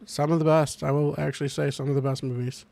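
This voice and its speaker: A man's voice: on the high side, flat delivery, quick pace, vocal fry, a little mellow. A young man hosting a casual podcast chat, rambling with lots of fillers and restarts. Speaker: podcast host.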